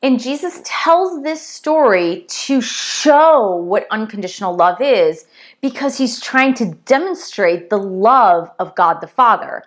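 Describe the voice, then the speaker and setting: A woman's voice: a little high, animated, takes it slowly. Earnest woman teaching a spiritual lesson. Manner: earnest, emphatic repetition. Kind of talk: spiritual teaching with parable retelling.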